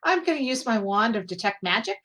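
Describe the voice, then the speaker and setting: A woman's voice: fairly high pitch, big pitch swings, brisk, fairly bright tone. A woman playing a tabletop game who speaks eagerly and describes her character in the third person. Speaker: player. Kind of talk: casual tabletop play.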